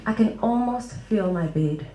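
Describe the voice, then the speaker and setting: A woman telling a funny personal story live on stage, expressive and quick to laugh. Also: mid-range voice, roomy sound, a little hiss or hum, low-quality recording. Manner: humorous, expressive, laughs often.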